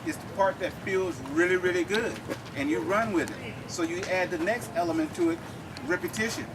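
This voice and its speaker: A man's voice: high-pitched, fairly quick. A man teaching drum rhythms to a group in a lecture-demonstration, explaining step by step and often checking in with "okay?". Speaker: drum instructor. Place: outdoor campus event. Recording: distant mic, clear outdoor noise.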